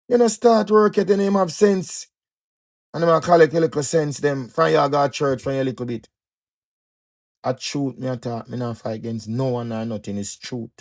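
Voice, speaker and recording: A man speaking in Jamaican Patois, delivering an emphatic, repetitive motivational monologue that swings between loud and soft. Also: mid-range voice, gravelly.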